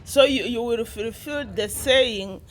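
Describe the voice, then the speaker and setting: Slow-talking woman vlogger. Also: a little high, a little hiss or hum. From Uganda. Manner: rambling and repetitive, with many restarts; teasing, mocking tone. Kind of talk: casual commentary to camera.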